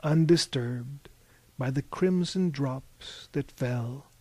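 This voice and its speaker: A male narrator reads a story aloud in a close, dry recording with no room sound. His pitch sits at an ordinary middle level, and he tells the tale in a measured way that lifts now and then into livelier bursts. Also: a little mellow, breathy edge, dry recording. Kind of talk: audiobook story reading.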